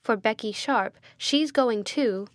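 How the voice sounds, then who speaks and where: A woman's voice: a little high, slow, no echo. A woman voicing a timid, nervous elderly spinster who speaks hesitantly and pleadingly. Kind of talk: audiobook character voice.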